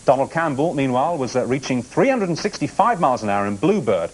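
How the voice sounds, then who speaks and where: A man's voice: mid-range voice, big pitch swings, quick pace, darkish tone, rough recording. A man hosting a TV quiz show in a studio, bantering and teasing the contestants between questions. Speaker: game show host.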